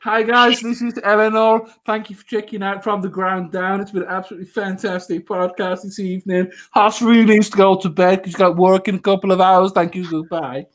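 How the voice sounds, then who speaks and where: A man's voice: high-pitched, steady tone, a little fast, hardly any pauses, close to an everyday voice. A man putting on a British woman named Eleanor, giving a mock-polite, formal sign-off. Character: chirpy woman named Eleanor signing off a show.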